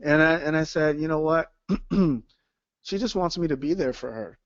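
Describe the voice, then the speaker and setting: A man with a fairly high voice hosts a casual faith conversation and tells a personal story. He talks in an earnest, animated way. The recording is dry and dull, like lo-fi audio. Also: moderate pace, no echo. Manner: earnest, animated, often asks "right?". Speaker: host.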